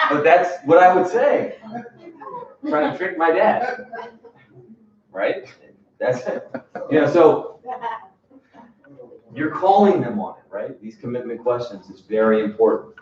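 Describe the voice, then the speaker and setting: A man's voice: a little high, animated, a little slow, long pauses, darkish tone, a little hiss or hum. A man coaching from across an echoey room. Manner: emphatic, coaching, asks "right?" often. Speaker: sales trainer. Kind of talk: training session talk. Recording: distant, echoey room, dull sound.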